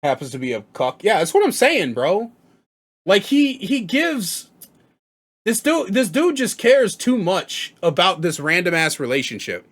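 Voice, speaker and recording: A man's voice: sits high, sing-song, a little slow, a bit bright. A man giving blunt, profane reaction commentary, rambling and repeating himself as he makes his points.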